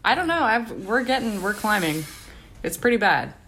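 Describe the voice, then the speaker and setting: Podcast co-host: Canadian woman, mid-pitched, blunt and profane, faint hiss. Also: sing-song, normal speed, fairly bright tone. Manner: blunt, swears freely, enthusiastic. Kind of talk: casual chat.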